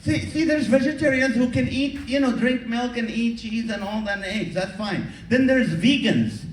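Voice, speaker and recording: A man's voice: very high voice, normal speed. A man performing a stand-up comedy set, acting out characters and chatting with the crowd. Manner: animated, acts out characters and crowd work. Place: comedy show venue with audience. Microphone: far camera recording from audience. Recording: echoey hall from far off.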